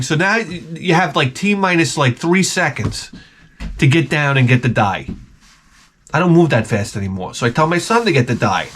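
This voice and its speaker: A middle-aged man rants in a rambling, profane, animated way, full of restarts. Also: on the high side, normal speed, slight background noise. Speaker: vlogger. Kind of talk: profane comic rant.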